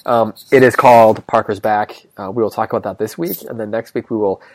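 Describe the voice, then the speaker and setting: A man's voice: lowish voice, steady tone, brisk, dry recording, studio quality. A man hosting a podcast from a hotel room, chatting casually and joking, speaking through wired earbuds. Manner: joking, chatty, with filler words. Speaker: podcast host. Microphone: wired earbud headset.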